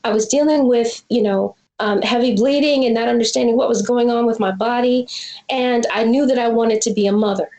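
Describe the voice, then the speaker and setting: A woman's voice: a little high, brisk, mellow, echoey room, poor audio. A woman in her forties, a filmmaker being interviewed, telling a personal story in an earnest, reflective way. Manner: earnest, reflective, acts out quoted dialogue. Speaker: guest filmmaker.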